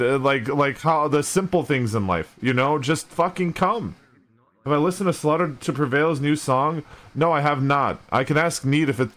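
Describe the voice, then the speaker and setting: Young adult male streamer, lively and foul-mouthed, raised pitch with wide swings. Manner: animated, heavy swearing. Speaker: live streamer. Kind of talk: casual storytelling to chat.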